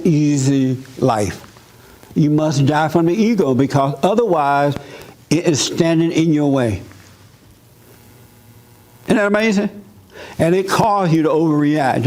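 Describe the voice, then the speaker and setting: A man preaching an informal sermon, talking with his congregation and acting out others' voices. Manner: animated, acts out mother in a high voice.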